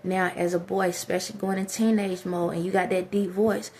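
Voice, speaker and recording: A woman's voice: fairly low pitch, level tone, fairly quick, darkish tone, a little hiss or hum. A woman talking straight to her viewers in a direct, preachy way, giving life advice. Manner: direct, preachy, addresses listeners as y'all. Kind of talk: motivational talk to camera.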